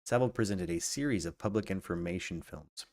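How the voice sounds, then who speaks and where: A man's voice: sits low, brisk, a little mellow. A man hosting a live true crime podcast stream, reading facts aloud and breaking off to chat casually with viewers. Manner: reads facts aloud then riffs casually, greets chat viewers, many restarts. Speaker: podcast host.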